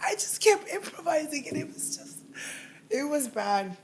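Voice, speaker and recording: A woman comedian with a South Florida accent, telling a fast, animated story on a podcast and mixing in Spanish. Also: fairly high pitch. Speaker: comedian guest. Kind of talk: casual podcast chat.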